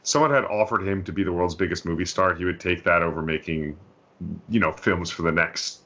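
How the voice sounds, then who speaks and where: A man's voice: deep voice, a little fast, pushed and bright, dull audio. A man co-hosting a film podcast, talking casually and often restarting his sentences. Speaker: podcast co-host. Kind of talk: casual chat.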